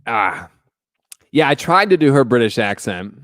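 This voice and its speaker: A man's voice: mid-range voice, big pitch swings, unhurried, fairly bright tone, dry recording, studio quality. Joking man hosting a casual livestream. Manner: chatty, joking, greets viewers by name. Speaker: livestream host.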